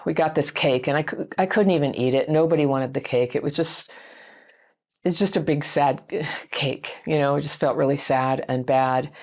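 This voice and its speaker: A woman's voice: deep voice, a little mellow. A middle-aged woman speaking candidly in a rambling, reflective monologue with many fillers. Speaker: self-help video host.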